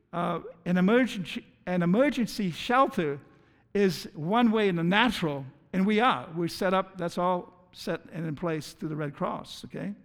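A man's voice: high-pitched, big-room sound. A man preaching a sermon as pastor, earnest, often stumbling over and repeating his words. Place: church.

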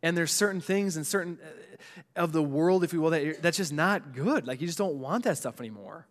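A man's voice: a little high, expressive, fairly quick, long reverb tail. A man preaching a sermon in an earnest, conversational way, full of restarts and casual asides.

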